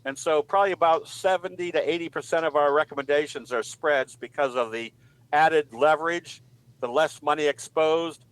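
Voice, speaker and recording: Laid-back guy teaching trading on a webinar, kinda higher voice, lots of uhs. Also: smooth, low-quality recording. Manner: relaxed storyteller with frequent ums. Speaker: trading educator, guest presenter. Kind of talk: webinar presentation with a joke.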